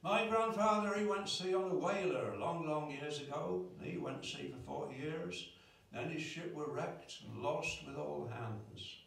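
A man's voice: fairly high pitch, huge pitch swings, unhurried, hardly any pauses, fairly bright tone, far from the mic, full character voice. A man voicing an old, plain-spoken fisherman who talks in rustic old-fashioned dialect, in a live club recording. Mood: earnest. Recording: roomy live club sound with guitar.

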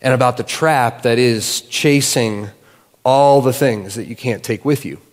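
A man preaching in a church, his voice carrying a long hall reverb. He talks casually and conversationally, retelling a story with easy fillers, at an average pitch for a man. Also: measured pace. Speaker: guest pastor. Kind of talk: sermon. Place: church sanctuary.

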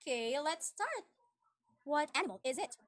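A woman with a very high, lively voice gives a demo English lesson to a small child. She talks slowly and gives big, cheerful praise. Her tone is bright, with faint noise behind her. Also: dry recording. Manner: exaggerated cheerful praise, slow teacher-talk to a small child. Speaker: online English teacher.

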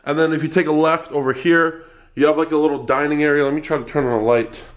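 Male vlogger, quick and excitable, slightly high voice, echoey room sound. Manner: excitable, quick-talking, chatty complaining. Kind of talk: casual vlog to camera. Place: apartment indoors.

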